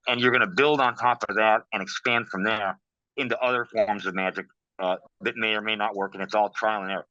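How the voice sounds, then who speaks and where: Low-voiced man telling animated stories. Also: brisk, no echo. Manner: animated storytelling, says "man" and "bro". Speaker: guest practitioner. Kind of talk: casual interview talk. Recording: dull, dry sound.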